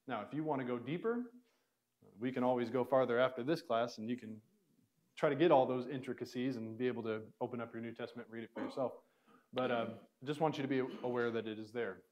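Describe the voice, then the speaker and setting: A man's voice: medium pitch, a little mellow. Man teaching a casual classroom lesson. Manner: casual, filler-heavy explaining with restarts. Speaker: Bible Greek teacher. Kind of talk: classroom lecture. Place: church classroom.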